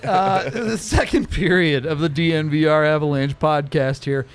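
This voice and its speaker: A man hosting a podcast in casual chat, relaxed, with many fillers, giving shout-outs. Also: on the high side, moderate pace, smooth. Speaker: podcast host.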